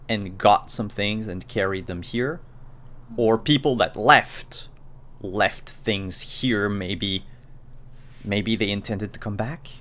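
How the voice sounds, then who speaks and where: A man runs a tabletop game for a live stream, describing each scene at an unhurried pace. His voice sits fairly low. He pauses often and restarts his sentences. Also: fairly bright tone. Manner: hesitant, full of ums and restarts. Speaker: game master. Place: home streaming setup.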